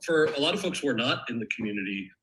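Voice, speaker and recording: A man's voice: mid-range voice, lively intonation, very fast, fairly bright tone, slight background noise, low-quality recording. A man from the United States, an author and actor, reading from his memoir and then answering questions in a candid, thoughtful way with frequent restarts. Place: event stage or panel, indoors.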